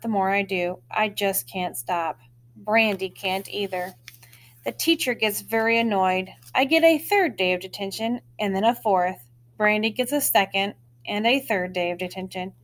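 A woman reads a children's chapter book aloud in the first person. Her storytelling is expressive, with bright lifts on key words. Her voice sits at an ordinary middle pitch for a woman.

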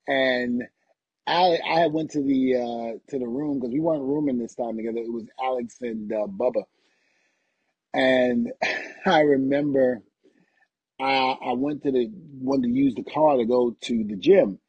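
A man's voice: mid-range voice, unhurried, darkish tone, breathy edge, no echo, highs cut off. A middle-aged man, a retired pro wrestler, telling casual anecdotes as a guest and laughing through them.

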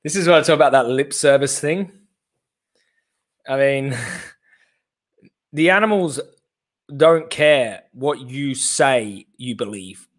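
A man hosting a live reaction stream, talking in an animated, rambling way with sarcastic asides. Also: medium pitch, slow pace, long pauses. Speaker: host.

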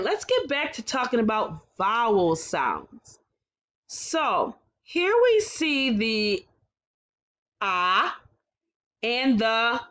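A woman teaching a kindergarten phonics lesson, sounding out words slowly and praising the children cheerfully. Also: fairly high pitch, a bit bright. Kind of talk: slow, clear phonics lesson for young children.

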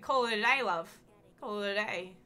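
A woman putting on a crude, swaggering broad Australian bloke with rough slang. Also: mid-range voice, moderate pace, bright, forceful tone, lightly acted. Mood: blokey.

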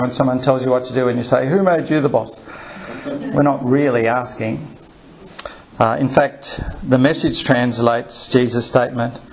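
Male preacher, a gravelly edge and a mid-range pitch, delivering a chatty sermon full of rhetorical questions. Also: low-quality recording. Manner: lively, asks the congregation rhetorical questions, light humor. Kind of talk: conversational sermon.

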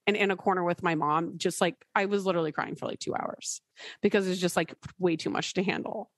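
A woman's voice: on the low side, fairly even intonation, fairly quick, no echo. A young woman co-hosting a podcast, chatting casually and filling her talk with "like". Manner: chatty, lots of "like" fillers. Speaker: podcast co-host, newly engaged. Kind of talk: casual chat.

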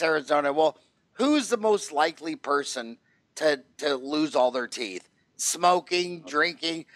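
A man's voice: sits high, a bit bright, dry recording. A man hosting a podcast interview, asking brash, rambling, jokey questions. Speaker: podcast host. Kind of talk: casual interview. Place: Phoenix.

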